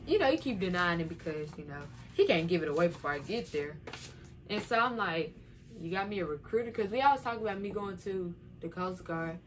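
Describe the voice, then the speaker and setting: A woman's voice: on the low side, slight background noise. A young woman vlogging in a chatty, casual way, retelling what happened and quoting herself as she goes. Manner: chatty, retells moments with "I'm like" quotes. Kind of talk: casual storytelling vlog.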